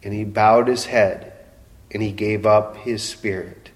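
Man, pastor, slow dramatic sermon, long church-hall reverb. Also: lowish voice, fairly even intonation. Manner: slow, dramatic preaching with emotional quoted voices.

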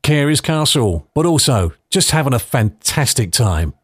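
A man's voice: mid-range voice, big pitch swings, normal speed, husky, no room sound, clean studio sound. A man in his fifties from London hosting a podcast, telling personal stories in a chatty, nostalgic way. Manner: chatty, nostalgic, anecdotal with light laughs. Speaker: podcast host.

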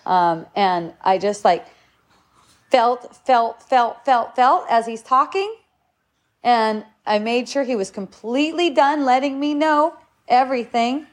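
A woman's voice: on the high side, measured pace. A middle-aged woman giving a casual spiritual talk, rambling and repeating her words as she goes. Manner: rambling, repeats words, acts out shouts and quotes.

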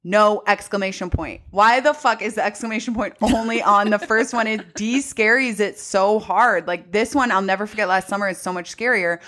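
A woman's voice: mid-range voice, moderate pace, few pauses, a bit bright. A woman co-hosting a podcast, recapping a movie in casual, sarcastic, profane chat. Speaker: podcast co-host.

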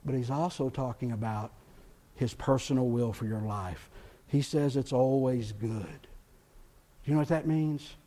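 A man's voice: medium pitch, measured pace, mellow. A man preaching a sermon as pastor, building emphasis and acting out quoted prayers and doubts.

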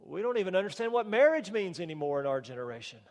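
A man's voice: high-pitched, sing-song, fast, darkish tone. A man preaching a sermon as pastor, emphatic and rhetorical, with touches of wry humor. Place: church sanctuary. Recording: long reverb of a church hall.

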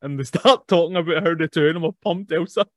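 A man's voice: on the high side, quick pace, no echo, clean studio sound. A man, chatting casually about a film, laughing often as he recaps scenes. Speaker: podcast co-host.

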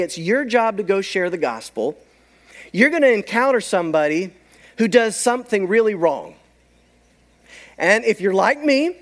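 Brief: male pastor, high-pitched, swooping delivery, storytelling sermon. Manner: animated storytelling, acts out quoted voices.

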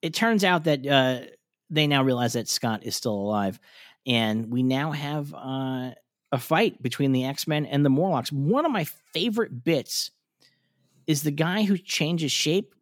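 A man co-hosting a podcast rambles through a casual cartoon episode recap with his partner, full of ums and false starts and casual swearing. He talks a little slowly with a lively, rising-and-falling pitch. The recording is close and dry, with no room sound.

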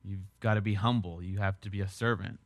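A man's voice: on the low side, fairly even intonation, brisk, dry recording. A man preaching a sermon as a pastor, earnest and emphatic, with repeated phrases and rhetorical questions.

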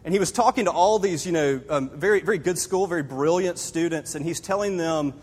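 A man's voice: a little high, fairly quick, darkish tone, breathy edge. A man preaching a conversational sermon, telling a personal story with casual asides to the congregation. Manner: casual, storytelling, speaks straight to the audience with asides. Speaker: pastor. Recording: long hall reverb.

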